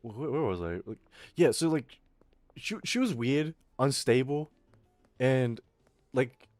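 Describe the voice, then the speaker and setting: A young man streaming, telling a school story in a casual, animated, swearing way. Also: medium pitch, measured pace, dry recording, faint music behind.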